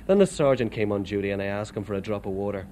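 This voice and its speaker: A man's voice: on the low side, lively intonation, fast talker, dark tone, a little hiss or hum. Wry Irishman telling hard stories. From Ireland. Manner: plain, wry storytelling with local turns of phrase. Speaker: immigrant worker. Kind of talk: storytelling testimony.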